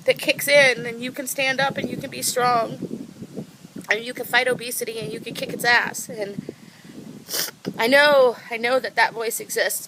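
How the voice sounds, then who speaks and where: A woman's voice: on the high side, noisy background. A woman vlogging right after a half marathon, talking in a heartfelt, rambling way and correcting herself, tired from the run, outdoors on a lookout spot. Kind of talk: emotional personal vlog.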